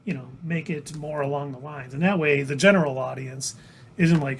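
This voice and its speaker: A man co-hosting a casual livestream chat, talking in a relaxed, joking way. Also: a little high, normal speed, a little hiss or hum. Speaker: co-host.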